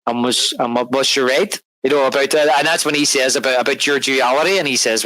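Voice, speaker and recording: A man's voice: medium pitch, brisk, few pauses, no room sound, low-quality recording. A man co-hosting a film podcast in casual chat, retelling scenes with energy, laughing often and restarting his words. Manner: animated, retells scenes and acts out the dialogue. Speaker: podcast co-host.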